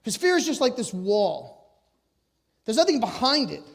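Loud, high-voiced man telling his story. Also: sing-song, a little slow, gravelly. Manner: loud and emphatic. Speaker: motivational speaker. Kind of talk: personal storytelling talk to an audience.

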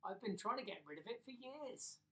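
Brisk no-nonsense village woman, quick and matter-of-fact, put on by a man, distant mic. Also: sits high, animated, pushed and bright, voice pushed up, full character voice.

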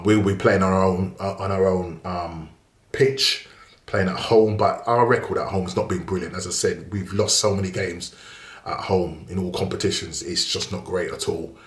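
A man's voice: low-pitched, echoey room. A man hosting a casual football match preview, chatty and rambling with many fillers and restarts. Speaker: football channel host.

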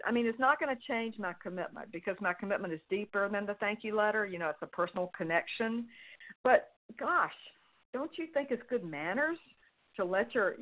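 A woman teaching fundraising in an emphatic, conversational way, full of fillers and restarts. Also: medium pitch. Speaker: fundraising consultant presenter. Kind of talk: webinar teaching. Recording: tinny phone-like line.

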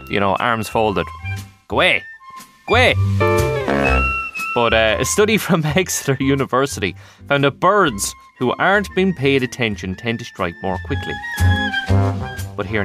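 A man's voice: medium pitch, very animated, moderate pace, loud music behind the voice. An Irish man hosting a breakfast radio show, chatty and jokey, laughing often.

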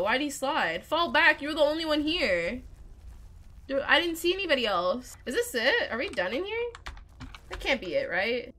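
A woman narrates her gaming session in a casual, excitable let's-play style and chats with the characters on screen. Her voice sits high and sounds bright and sharp. Her pitch leaps around animatedly. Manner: chatty and excitable, talks to game characters. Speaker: gamer playing a role-playing game.

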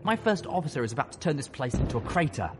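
A man's voice: mid-range voice, sing-song, fast talker, a little hiss or hum, voice pushed up, natural voice. A man voicing a desperate pony colonel pleading. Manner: pleading, bargaining.

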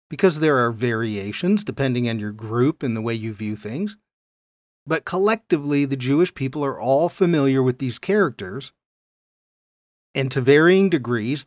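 A man's voice: medium pitch, dry recording, studio quality. A man teaching a Bible lesson, explaining verses step by step and reading scripture aloud with emphasis. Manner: explanatory, stresses key words, reads verses aloud.

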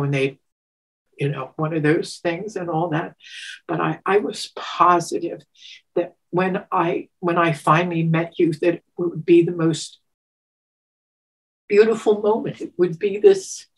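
A woman in her seventies telling a personal story in an interview, animated, laughing often and getting emotional with halting restarts. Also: husky. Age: 70s. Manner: animated, laughs often, acts out quotes with sudden pitch jumps. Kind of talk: storytelling, recounting a personal memory.

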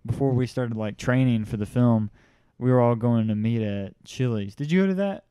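A man's voice: mid-range voice, moderate pace, mellow, smooth, no room sound. A young man hosting a casual interview with a friend, chatty and jokey, laughing often. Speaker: host.

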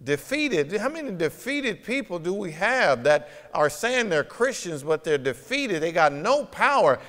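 A man preaching in a church sanctuary, his slightly high voice carrying a long hall reverb. He speaks emphatically and conversationally, throwing rhetorical questions at the congregation. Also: sing-song, a little slow, few pauses, a bit bright. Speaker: pastor. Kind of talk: sermon.

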